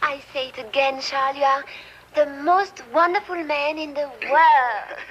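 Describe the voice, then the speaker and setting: A woman's voice: sits high, measured pace, a bit bright, muffled recording, slight background noise. An actress playing an adoring young French bride who gushes over her husband in an old sitcom. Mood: gushing. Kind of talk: sitcom acting.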